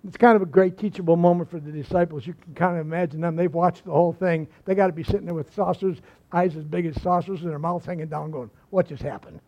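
A man with a high voice delivers a sermon as a pastor, pressing hard on key phrases and then dropping almost to a murmur. The recording sounds dull and lo-fi, with the top end muffled. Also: steady tone, fast talker. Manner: emphatic preaching, dropping to hushed lines.

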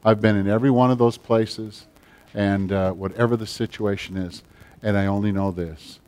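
A man's voice: on the low side, fairly even intonation, normal speed. Emphatic man preaching a sermon. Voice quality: big build, speaks plainly. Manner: emphatic preaching that swings from loud to hushed. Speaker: pastor. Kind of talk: sermon with closing prayer.

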